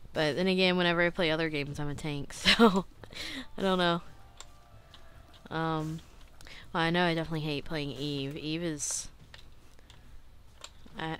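A young adult woman hosting a casual let's-play, chatty and self-critical, clearing her throat often and breaking into excited outbursts. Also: fairly low pitch. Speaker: gaming channel host.

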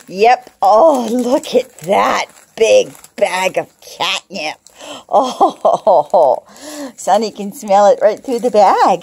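A woman's voice: medium pitch, very animated, slow pace, a little mellow, breathy edge. A woman in a home video, cooing baby talk to her cats with frequent gasps and small laughs. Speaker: cat owner filming her pets.

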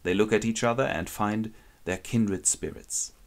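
A man's voice: lowish voice, unhurried. A man wryly retelling a classic novel as a comic summary. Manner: wry, ironic storytelling. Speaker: narrator.

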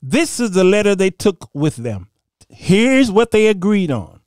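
A man hosting a Bible commentary show, preaching in an animated, mocking way, laughing often and reading scripture aloud. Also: sits high, unhurried, no echo, studio quality.

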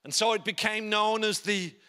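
Bright-voiced man preaching emphatically. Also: fairly even intonation, normal speed, clear, resonant tone. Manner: emphatic preaching, dropping to quiet low tones for effect. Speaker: pastor. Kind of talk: sermon. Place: church.

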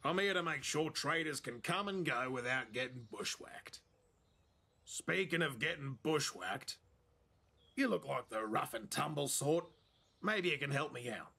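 An actor with an Australian accent playing a crude, teasing border guard in a video game, full of slang. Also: male voice, a little high, expressive, unhurried, creaky, pushed and bright, husky, heavily acted. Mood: matter-of-fact. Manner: brash, teasing, heavy slang. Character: crude joking Australian border guard, middle-aged prankster.

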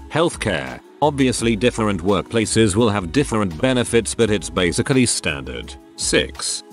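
A man narrating forum posts aloud in a scripted reading, dropping low on list headings. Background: faint background music.

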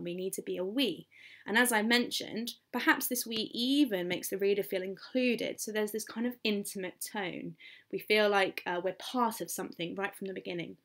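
A woman's voice: medium pitch, a bit bright. A woman English teacher with an English accent gives a recorded poetry lesson, explaining as she goes, thinking aloud with fillers and correcting herself.

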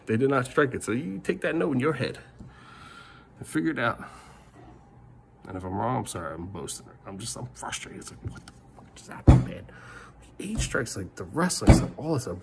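Gravelly middle-aged man ranting to camera. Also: mid-range voice, sing-song, moderate pace, pauses often, background noise. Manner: rambling, repeats himself, swears. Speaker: family vlogger. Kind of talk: frustrated rant to camera.

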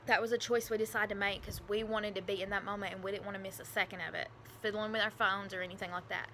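A woman's voice: medium pitch, flat delivery, quick pace, bright, forceful tone, a little hiss or hum. A woman vlogger telling a personal story in a casual, emotional, rambling way with lots of fillers and restarts.

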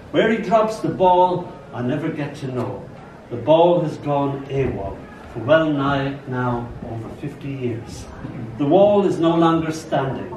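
An older man, a poet, giving a live poetry reading with an expressive storytelling delivery and chatty asides to the audience. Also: fairly high pitch. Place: live reading event in a large space. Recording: roomy, distant live recording with ambient noise.

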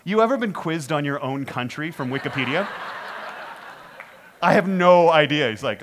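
Animated man telling a comic story. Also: on the high side, moderate pace, pauses often. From Canada. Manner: animated, self-deprecating, comic timing. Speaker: keynote speaker. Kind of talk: comedic storytelling keynote.

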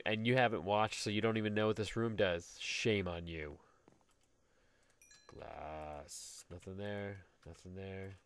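A man's voice: sits low, a little hiss or hum. A man hosting a casual game video, rambling and joking to himself as he builds. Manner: jokey, rambling, talks to himself while building. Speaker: Let's Play host. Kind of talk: casual gameplay commentary. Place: at home.

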